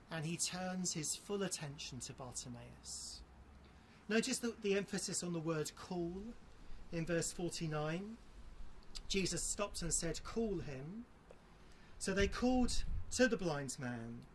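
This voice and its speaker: Earnest preacher with slow emphatic refrains. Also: mid-range voice, slight background noise. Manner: earnest, emphatic, repeats key phrases slowly for weight; appeals directly to listeners. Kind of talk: sermon.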